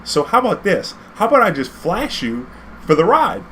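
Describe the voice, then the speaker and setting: A man's voice: high-pitched, wildly swooping pitch, moderate pace, pushed and bright, slight background noise, voice pushed up, full character voice. A man doing a bold young woman tourist. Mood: teasing.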